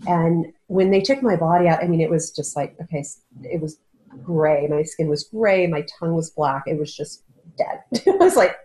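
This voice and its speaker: A woman's voice: deep voice, normal speed, dark tone, poor audio. A woman, a guest in an interview, speaking in an earnest, searching way and often restarting her sentences. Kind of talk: casual interview talk. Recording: audio-only interview.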